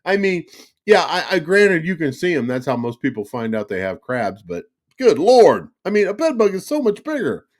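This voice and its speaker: A man's voice: a little high, very animated, normal speed. A man co-hosting a casual podcast, swearing freely and often cracking up laughing. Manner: profane, breaks into helpless laughter. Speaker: podcast co-host.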